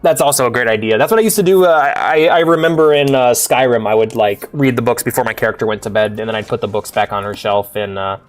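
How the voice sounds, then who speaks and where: A man's voice: mid-range voice, quick pace, hardly any pauses, faint music behind. A man casually commenting while streaming a game, upbeat and chatty, laughing and swearing easily.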